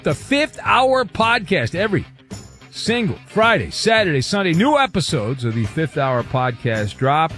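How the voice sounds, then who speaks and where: A man hosting a sports radio show, loud and jokey, reading listener messages over a music bed. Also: a little high. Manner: loud, jokey, sing-song. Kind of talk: sports radio banter and promo reads.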